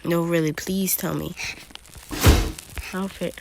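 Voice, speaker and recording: A woman's voice: on the low side, slow pace, vocal fry, long pauses, a bit bright, a little hiss or hum. A woman casually talking through her own video game play, often dropping into a whisper. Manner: chatty, keeps drifting into whispers. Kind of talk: casual gameplay commentary.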